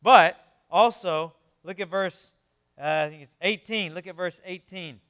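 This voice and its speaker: Man preaching a sermon, high voice, crisp and clear, chatty asides, quiet to emphatic. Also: unhurried. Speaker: pastor.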